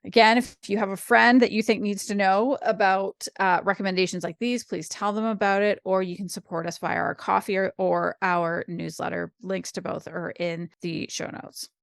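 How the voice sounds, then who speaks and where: A woman co-hosting a podcast, giving a relaxed recommendation and reading the show outro. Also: mid-range voice, moderate pace, creaky, hardly any pauses, no echo, studio quality. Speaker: podcast co-host. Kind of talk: casual podcast chat.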